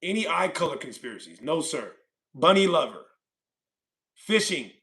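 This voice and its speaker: A high-pitched man with a bright, forceful voice chats casually on his livestream. He rambles, repeats himself and laughs often while reading comments from viewers, speaking into a desk microphone. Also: big pitch swings, moderate pace. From California. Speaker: livestream host.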